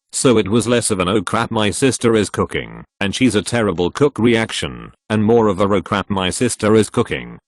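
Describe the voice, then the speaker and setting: Guy reading online posts aloud, kinda low voice, bouncy pitch, dry close sound. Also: no echo. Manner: reads text literally, spelling out links and web slang. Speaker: narrator.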